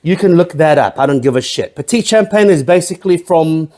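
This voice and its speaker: Profane, rambling man with a mellow voice. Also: on the high side, expressive, fairly quick. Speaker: host of a drinks review channel. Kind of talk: casual vlog review.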